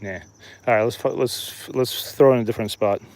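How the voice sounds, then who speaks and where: A man's voice: mid-range voice, fairly even intonation, moderate pace, a little mellow. A man in his thirties chatting and joking casually to viewers while he live-streams a fishing trip outdoors. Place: outdoors by a lake.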